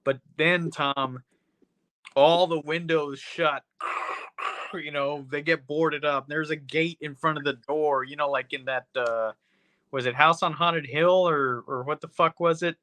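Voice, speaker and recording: A man's voice: on the high side, steady tone, a little slow, sharp tone, no echo. A man hosting a podcast, recapping a movie in a rambling, profane, casual way full of "you know". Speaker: podcast host.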